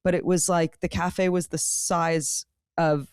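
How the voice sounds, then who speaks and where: A woman co-hosting a podcast, telling a comedic story in casual chat, animated and acting out the voices of the people in it. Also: on the low side, slow pace, smooth, dry recording, studio quality. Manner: animated, acts out quoted voices, laughs mid-story. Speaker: podcast co-host.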